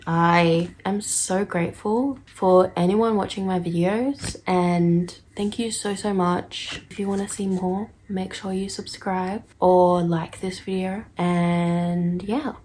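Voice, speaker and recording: A woman chatting casually in a reading vlog, gushing and excitable, repeating herself and laughing often. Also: medium pitch, slight background noise. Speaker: book vlogger.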